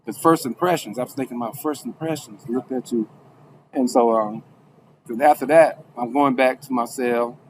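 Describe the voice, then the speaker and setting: Man, mid-pitched, conversational storyteller who circles back and restarts a lot, faint background hiss. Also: moderate pace. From Alabama, USA. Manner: rambling, with restarts, acting out quoted people in a raised voice. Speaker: former defendant telling his story. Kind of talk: casual spoken storytelling.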